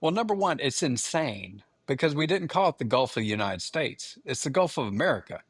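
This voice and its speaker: A man's voice: mid-range voice, a little fast, slightly rough, no room sound, studio quality. A man in his fifties, a podcast co-host, telling a family story in casual chat and acting out the quoted lines. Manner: animated storyteller, acts out quotes.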